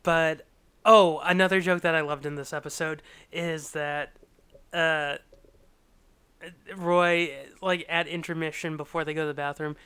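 Man, podcast host: crisp bright voice, dry close mic, laughs a lot while recapping. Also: on the high side, a little slow, no room sound. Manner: giggly, animated retelling. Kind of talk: casual podcast chat.

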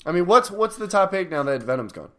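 A man's voice: high voice, big pitch swings, fast talker, sharp tone. A young man co-hosting a podcast in casual comedic chat, with playful, rambling asides full of "like". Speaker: podcast co-host.

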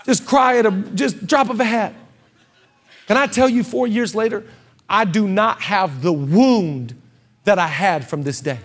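High-voiced impassioned pastor preaching. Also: male voice, animated, measured pace. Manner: impassioned, swings from hushed to shouting. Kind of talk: sermon. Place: church stage.

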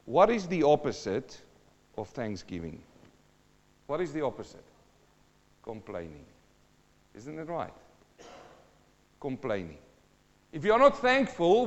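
A man's voice: high-pitched, big-room sound, muffled recording. A middle-aged man preaching a sermon to a congregation, dramatic, asking questions and acting out sounds and voices. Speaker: pastor.

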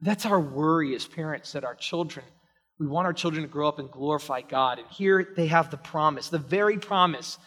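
Male pastor, sermon, high bright voice, big church echo. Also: fairly quick. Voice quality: emphatic, swinging from soft to loud. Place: church sanctuary. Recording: long reverb of a large church hall.

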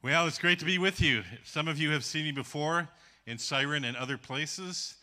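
Folksy man missionary, very bright voice. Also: on the high side, moderate pace. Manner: folksy, casual, says "man" often. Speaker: missionary guest speaker. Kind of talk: sermon.

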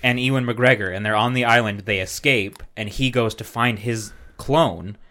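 A man's voice: medium pitch, normal speed, bright, forceful tone. A man co-hosting a casual podcast, rambling and profane, laughing often. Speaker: podcast co-host.

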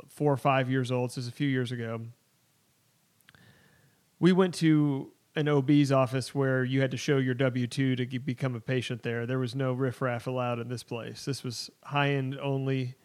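A man in a casual podcast chat who tells stories with animated, boastful relish. His pitch sits right in the middle, neither high nor low. He builds each story up as if it will beat everyone else's. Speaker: podcast co-host.

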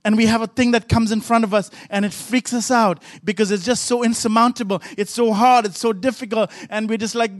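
Man, pastor, high voice, emphatic sermon delivery, rhythmic repetition. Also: fairly even intonation, fairly quick, few pauses, dry recording.

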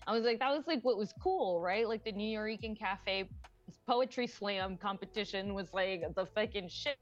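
A woman's voice: medium pitch, normal speed, lo-fi sound, faint music behind. A woman co-hosting a podcast in casual chat. She rambles, uses lots of fillers and swears freely. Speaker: podcast co-host.

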